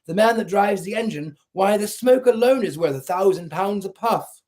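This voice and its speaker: A man's voice: high voice, moderate pace, a little mellow, voice pushed up, close to an everyday voice. A man voicing a fussy chorus of train passengers in a storybook reading.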